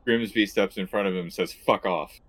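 A man playing in a tabletop role-playing game, giving short lively replies. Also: fairly low pitch, quick pace, no echo. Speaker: player.

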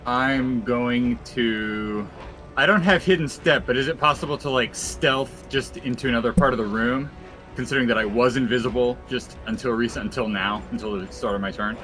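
A man's voice: medium pitch, moderate pace, bright, forceful tone, faint music behind. A man playing a tabletop game, thinking aloud tentatively about his turn. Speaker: player. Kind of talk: casual tabletop play.

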